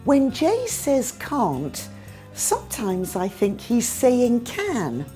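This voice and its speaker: Slow, very expressive British woman teacher. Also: fairly high pitch, faint music behind. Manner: careful, exaggerated demonstrations of sounds. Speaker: English teacher. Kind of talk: scripted pronunciation lesson.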